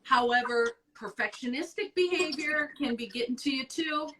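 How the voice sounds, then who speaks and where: A woman hosting an advice show in casual chat, blunt and profane, talking with animated emphasis. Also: sits high, moderate pace, far from the mic, rough recording.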